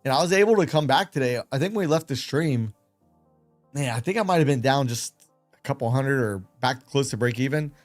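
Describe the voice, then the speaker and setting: A man's voice: medium pitch, lively intonation, fairly quick, soft background music. A man hosting a late-night trading livestream, chatting casually and rambling in a self-deprecating way. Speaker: live trading stream host.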